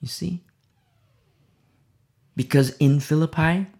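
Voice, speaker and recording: A woman's voice: deep voice, slow pace, long pauses, a bit bright. A woman pastor delivering a sermon emphatically, repeating key phrases and dropping to near-whispers.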